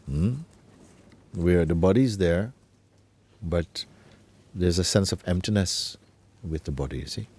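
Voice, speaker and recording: A man acting as a spiritual teacher, talking gently and unhurriedly in an informal talk, often adding tag questions like "you see". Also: deep voice, measured pace.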